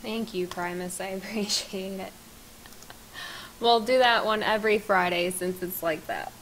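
A woman's voice: mid-range voice, unhurried, a bit bright, slight background noise. A woman streaming a game live, chatting casually, laughing hard and piling on praise. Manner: giggly, bursts into laughter; effusive, repeats praise.

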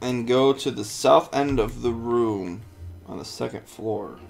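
Brief: male co-host, mid-pitched, halting, rambly reader of game guides, faint music underneath. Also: vocal fry, a little mellow. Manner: rambling, halting, laughs often. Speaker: let's play co-host. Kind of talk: casual chat, reading a walkthrough aloud.

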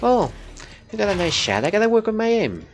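A man streaming a competitive game with a heavy accent, chatting casually in an animated way, swinging from low mutters to loud exclamations. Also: brisk, background noise. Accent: heavy accent of unstated origin. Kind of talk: casual gaming stream chat.

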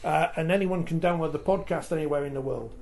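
A man hosting a sports podcast, animated and jokey with rhetorical asides. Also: a little high, quick pace, vocal fry. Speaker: podcast host. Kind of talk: casual discussion.

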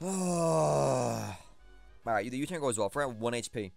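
Young man, gameplay commentary, excitable, thinking aloud, faint music behind. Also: medium pitch, fast talker, no room sound. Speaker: competitive battle commentator.

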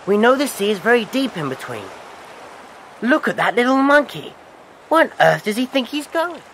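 An actor playing a sensible older boy in a dramatized audiobook, talking in a calm, reasoning way. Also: mid-range voice, moderate pace, slight background noise. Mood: sensible firm.

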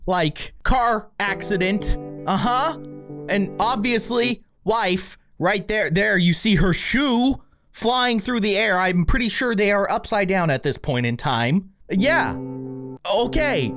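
Man, gaming commentary, lively swooping pitch, exclaiming, casual chat. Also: slow pace, over music. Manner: animated, exclaiming, reacting aloud. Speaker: gaming video host.

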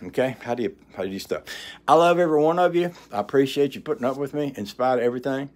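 A man's voice: medium pitch, animated, fast. An older man, talking in a rambling, folksy way as a vlogger, tired and a little out of breath, outdoors by his house. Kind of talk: casual rambling vlog.

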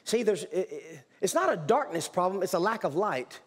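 A man preaches a sermon in a church sanctuary at normal speed, his voice sitting high and swinging widely in pitch. The pastor is emphatic, with repetitions and restarts, recorded with church hall reverb.

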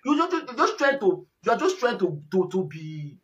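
Mocking Nigerian man with a lively high voice. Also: normal speed, muffled recording. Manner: mocking, laughing, repeats himself. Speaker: commentator reacting to a video. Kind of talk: mocking commentary in Pidgin and English.

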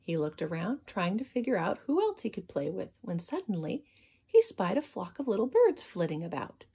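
Storyteller, female, breathy and expressive, reading children's books aloud. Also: mid-range voice, normal speed. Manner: expressive, sing-song narration.

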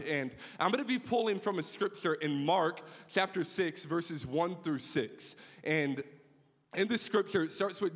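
A young man gives a youth sermon in a high, eager voice. He tells a personal story with rising excitement, often restarting his sentences. His voice carries a long reverb from a large hall. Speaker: youth pastor.

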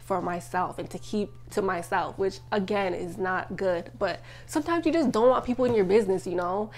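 A woman's voice: mid-range voice, a little mellow. Young female vlogger, confessional to camera, emotional, chatty with lots of "like". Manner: emotional, tearful at times, frequent "like" fillers. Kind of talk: personal life-update vlog.

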